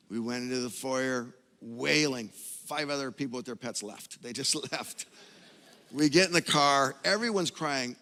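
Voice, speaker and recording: A middle-aged man preaching a sermon and telling a story, shifting between hushed and loud, emphatic delivery. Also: fairly low pitch. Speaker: pastor. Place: large church hall. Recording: long hall reverb.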